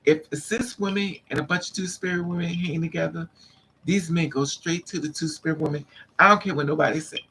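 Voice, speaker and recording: A woman vlogger telling a story in a casual, animated way, repeating lines for emphasis and acting out what men said to her. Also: low voice, a little fast, slight background noise, rough recording. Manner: acts out the men's lines in quotes.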